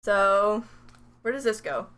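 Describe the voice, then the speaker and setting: A woman's voice: medium pitch, expressive, takes it slowly, fairly bright tone, smooth. A young woman chatting casually on a live stream while she crafts, rambling and poking fun at herself. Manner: rambling, chatty, self-mocking.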